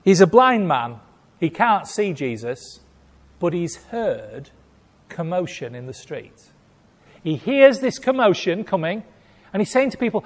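A man preaching a sermon, telling a story with acted-out voices and big swings between loud and hushed. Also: high-pitched, very animated, unhurried, long pauses. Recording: long hall reverb.

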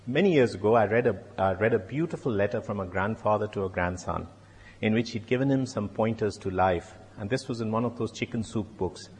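Halting, wry man preaching in echoing hall. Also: lowish voice, darkish tone, slight background noise. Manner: conversational, halting repeats, wry asides. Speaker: lay preacher and doctor. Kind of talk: sermon. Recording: long reverb in a hall.

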